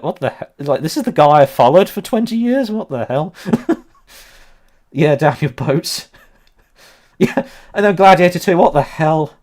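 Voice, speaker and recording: A man's voice: fairly high pitch, very animated, normal speed, a little mellow. A man in his thirties hosting a casual livestream about history, rambling with lots of ums and laughing often. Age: 30s. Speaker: history channel host.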